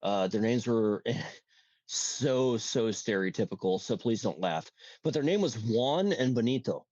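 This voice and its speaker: A man from Florida talks in emphatic bursts, stopping and restarting as he pushes his opinion. His voice sits at an ordinary middle pitch. The recording is dry and slightly dull. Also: animated, a little slow, darkish tone, dry recording. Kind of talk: casual opinion chat.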